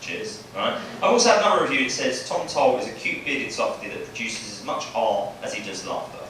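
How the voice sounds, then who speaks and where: Chatty comic, roomy club sound. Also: male voice, mid-range voice, very animated, fairly quick, background noise. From Bexley, southeast London. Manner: chatty, tags lines with "right?". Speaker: stand-up comedian. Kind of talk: stand-up set. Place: small comedy club. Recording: roomy club audio from far off. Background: audience laughter.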